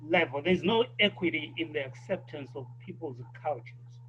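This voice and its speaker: High-voiced South African man, lo-fi. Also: moderate pace, a bit bright, a little hiss or hum. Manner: thoughtful, emphatic. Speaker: guest. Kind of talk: casual conversation.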